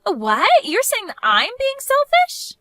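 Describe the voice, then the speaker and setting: A woman voicing an entitled, self-righteous young woman who talks in a shrill, indignant, whiny way, as scripted story voice acting. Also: wildly swooping pitch, slow pace, sharp tone, no room sound, exaggerated voice.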